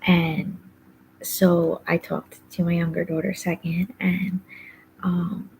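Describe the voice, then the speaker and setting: Woman, podcast host, low-pitched, vocal fry, rambling casual talk, frequent breathy whispered asides. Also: flat delivery, slow pace, darkish tone, a little hiss or hum, low-quality recording. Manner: rambling, heavy use of fillers like "like" and "um"; often drops into a whispery, breathy undertone. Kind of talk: casual personal monologue.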